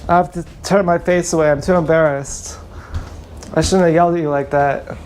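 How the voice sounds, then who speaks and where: A man's voice: fairly high pitch, steady tone, brisk, darkish tone, a little hiss or hum. A man livestreaming from an action camera, rambling off the cuff in a playful, joking way. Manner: stream-of-consciousness, joking, playful. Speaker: livestreaming vlogger. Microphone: action camera mic.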